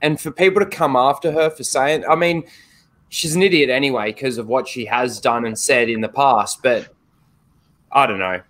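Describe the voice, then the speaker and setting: A man's voice: mid-range voice, moderate pace, fairly bright tone. Exasperated man complaining on a live stream. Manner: exasperated, profane. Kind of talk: casual livestream chat.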